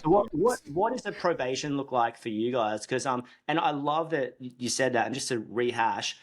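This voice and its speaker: A man's voice: mid-range voice, lively intonation, normal speed. A man hosting a casual interview, reflective and conversational as he shares his own hiring stories. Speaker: host, business coach.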